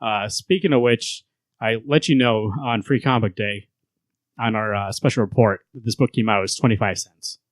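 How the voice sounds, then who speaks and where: A man's voice: on the low side, moderate pace, no room sound. A man hosting a casual comic book podcast, retelling scenes in a rambling way and laughing as he goes. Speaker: podcast host.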